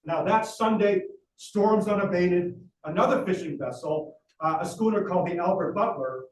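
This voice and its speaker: A man with a fairly high voice tells a history as a gripping story, stopping often for "uh" fillers. He sounds set back from the microphone in a roomy space with echo, and a faint hiss runs underneath. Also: moderate pace, far from the mic. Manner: dramatic storyteller with frequent "uh" fillers. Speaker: lecturer. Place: library talk room.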